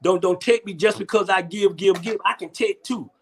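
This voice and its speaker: A man's voice: high-pitched, steady tone, normal speed, husky. A man hosting a casual comedy chat, rambling and repeating himself with frequent laughs. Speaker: host.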